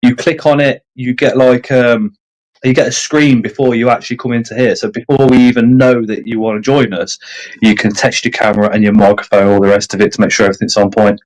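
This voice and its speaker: A man's voice: mid-range voice, level tone, brisk, darkish tone, rough recording. A man hosting a casual livestream chat, self-deprecating and reading out viewer comments. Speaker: livestream host. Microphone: streaming setup.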